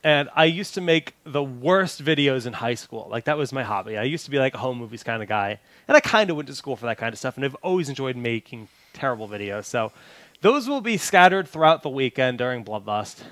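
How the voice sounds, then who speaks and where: A man's voice: medium pitch, animated, a little fast, fairly bright tone, no room sound. A man hosting a casual podcast chat, joking and easygoing. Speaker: podcast host.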